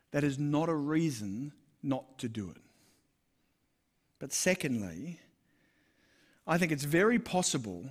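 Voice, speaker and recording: A middle-aged Australian man preaching a sermon in a conversational, self-deprecating storytelling manner. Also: a little high. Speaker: pastor.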